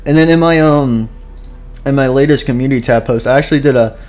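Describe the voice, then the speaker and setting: Soft background music accompanies a quick-paced, darkish, medium-pitched male voice. He's a gaming YouTuber commentating casually at his computer, rambling with plenty of fillers and self-deprecation while sounding tired and breathless.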